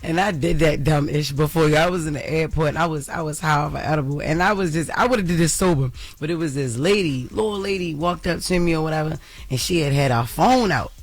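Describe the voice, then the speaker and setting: A man's voice: a little high, brisk, no room sound. A man co-hosting a radio show, telling a self-mocking story with laughs. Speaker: radio co-host. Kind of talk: casual storytelling banter.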